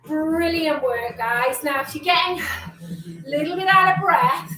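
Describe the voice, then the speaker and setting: A woman's voice: high-pitched, measured pace, sharp tone. A woman fitness instructor coaching a live online exercise class with encouraging cues, countdowns and chatty asides, a little out of breath. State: slightly out of breath. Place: home room, indoors. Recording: roomy echo, distant from mic, faint music.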